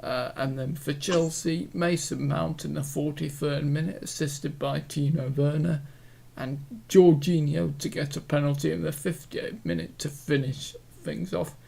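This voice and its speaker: A man's voice: a little high, fairly even intonation, a little slow, gravelly, darkish tone. A man hosting a casual football chat show, reading out results and stammering a little. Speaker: show host.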